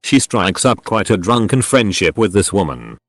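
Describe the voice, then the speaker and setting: A man narrating a series of anonymous stories in a steady, matter-of-fact scripted reading. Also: fairly low pitch, moderate pace, no room sound, clean studio sound.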